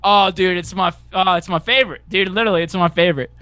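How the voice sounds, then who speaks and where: A young man, a music producer guest, chatting casually in an energetic, crude, swearing, joking way. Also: high-pitched, fast, clean tone, no room sound. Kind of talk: casual chat.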